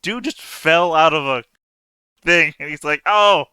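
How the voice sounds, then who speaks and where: A man chatting casually with fellow tabletop players, animated and profane, laughing as he rants. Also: on the high side, unhurried, clear, resonant tone, no room sound. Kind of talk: casual chat between game sessions.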